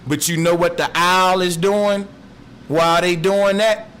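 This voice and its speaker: A man giving a slow, musing philosophical monologue in streetwise slang. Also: high-pitched, fairly even intonation, fairly bright tone, clear, resonant tone. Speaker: speaker.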